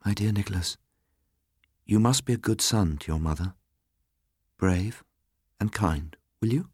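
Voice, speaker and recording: Man doing kindly young victorian lady, soft, tender, coaxing, close dry sound. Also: on the low side, unhurried, slightly rough, dry recording, pitched above the performer's own voice.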